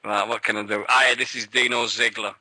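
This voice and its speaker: Excitable swearing man with a bright voice. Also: on the low side, fairly quick, low-quality recording. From England. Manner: excitable, rambling, swears freely. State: nervous, shaky. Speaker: radio show co-host. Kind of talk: casual radio chat.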